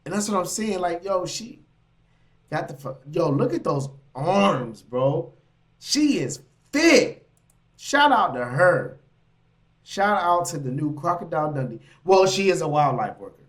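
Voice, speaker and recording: A man's voice: fairly high pitch, a little slow. A man hosting a casual reaction stream, talking in loose slang, laughing and riffing on what he reads. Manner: animated, laughing, slangy asides. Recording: mic.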